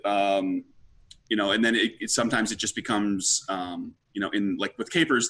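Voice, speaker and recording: A man's voice: lowish voice, fairly bright tone. A man guest chatting casually, rambling with many fillers. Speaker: guest, podcaster. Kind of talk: casual chat.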